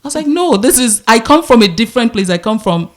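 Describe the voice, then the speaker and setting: A woman's voice: fairly high pitch, quick pace. A woman in her thirties from Nigeria with a Nigerian accent, co-hosting a podcast and telling stories in casual chat, slipping into Pidgin. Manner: animated storyteller, mixes in Nigerian Pidgin. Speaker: podcast co-host.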